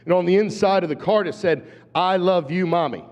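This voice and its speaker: A man in his fifties, an animated storyteller who acts out voices, giving a talk at a conference. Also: sits high, a little fast. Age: 50s. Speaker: conference speaker. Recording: dull hall recording with long reverb.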